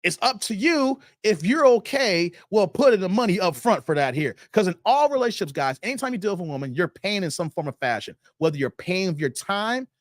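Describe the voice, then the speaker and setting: High-voiced man, animated livestream talk. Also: a little fast, hardly any pauses, no echo, clean studio sound. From Chicago. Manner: animated, chuckling, talks straight to viewers. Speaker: livestream host. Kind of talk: casual livestream commentary, reading chat.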